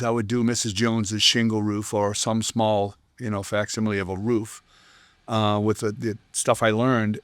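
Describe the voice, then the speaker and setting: A man's voice: mid-range voice, smooth, no room sound. An older man, a roofing business owner telling stories in a casual interview and acting out the people he quotes. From Boston area. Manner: animated storyteller who acts out quoted people. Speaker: roofing company owner, guest.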